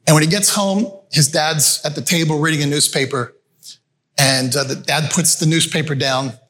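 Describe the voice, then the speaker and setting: A man's voice: a little high, fairly even intonation, moderate pace, fairly bright tone. A male pastor preaching a sermon in a conversational storytelling way, calling his listeners friends. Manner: conversational, addresses the audience as friends. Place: church meeting room with a screen.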